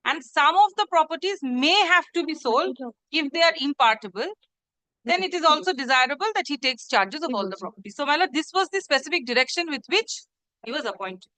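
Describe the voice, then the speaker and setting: A woman advocate pleads her case in court, her voice high and bright with a sharp edge. She is formal and deferential and keeps turning back to "my lord". The sound is close and dry. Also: lively intonation, brisk, no room sound, rough recording. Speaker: advocate arguing before a judge. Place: courtroom hearing, live-streamed.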